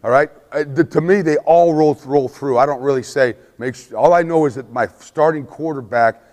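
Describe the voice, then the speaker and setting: A man giving a football coaching clinic lecture, emphatic, forever checking in with his listeners and acting out shouted play calls. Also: a little high, moderate pace, long reverb tail.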